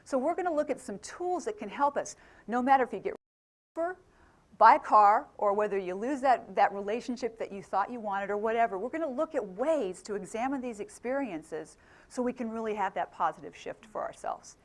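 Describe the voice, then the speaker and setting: A middle-aged woman gives a motivational talk, with a fairly high voice. She keeps the room involved, throwing questions at the audience and laughing easily. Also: animated, a little fast. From England. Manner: engaging, asks the audience questions, laughs often. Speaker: motivational speaker.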